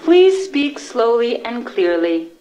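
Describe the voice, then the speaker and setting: A woman voicing a calm, polite automated elevator in a comedy sketch. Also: fairly high pitch, takes it slowly, poor audio. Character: polite female voice-activated elevator. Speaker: voice assistant. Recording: sketch audio with loud laughter. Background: loud audience laughter.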